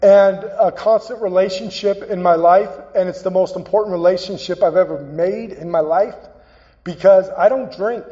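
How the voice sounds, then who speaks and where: A man giving a personal, earnest recovery talk as a guest speaker, halting and repeating phrases as he tells his story. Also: high voice, mellow. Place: meeting hall. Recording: dull, echoey hall recording.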